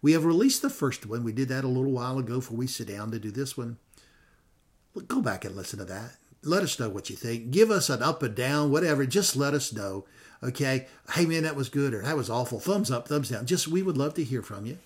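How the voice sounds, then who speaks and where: Guy hosting a ministry podcast, folksy and rambly, lots of uhs, average pitch. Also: lively intonation, a little fast. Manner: rambling, folksy, self-correcting with many fillers. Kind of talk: casual podcast sign-off.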